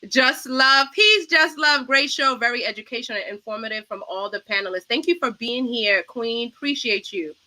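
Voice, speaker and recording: Bright-voiced effusive woman host. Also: on the high side, normal speed, hardly any pauses, low-quality recording. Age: 40s. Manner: effusive, reads out viewer comments. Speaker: talk show host. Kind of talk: livestream panel talk.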